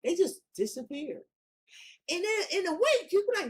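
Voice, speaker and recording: Blunt, high-voiced woman reading tarot. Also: big pitch swings, moderate pace. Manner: blunt, profane, slangy and emphatic. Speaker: tarot reader. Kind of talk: casual tarot reading monologue.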